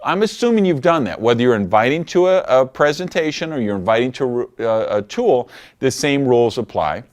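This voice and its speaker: A man giving a recorded training lesson on network marketing, coaching in an animated way and acting out phone calls. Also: mid-range voice, fairly quick.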